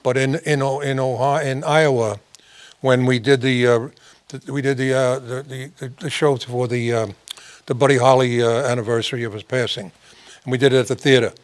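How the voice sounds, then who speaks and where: A man's voice: medium pitch, fairly even intonation, normal speed, clean tone. A man hosting a talk show, telling rambling anecdotes with frequent restarts and laughing through his stories. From New York. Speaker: host.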